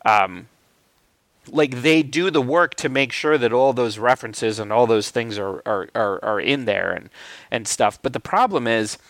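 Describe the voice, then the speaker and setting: A man chats loosely about films, stumbling through restarts and fillers and swearing casually. His voice has a gravelly, creaky edge. The sound is dry and close, with no room echo. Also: medium pitch, a little slow, fairly bright tone. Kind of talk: casual film discussion.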